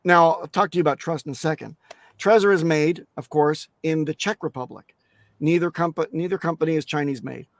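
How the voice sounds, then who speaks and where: A man's voice: a little high, brisk, dry recording. Blunt, emphatic man talking crypto security. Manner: emphatic, blunt, swears, many restarts. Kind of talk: casual interview talk.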